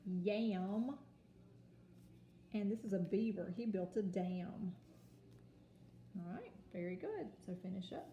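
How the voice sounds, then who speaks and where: A woman teaching a kindergarten home lesson on video, sounding out letters and words slowly and patiently. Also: medium pitch, vocal fry, dark tone, reverberant, slight background noise. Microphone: phone or camera.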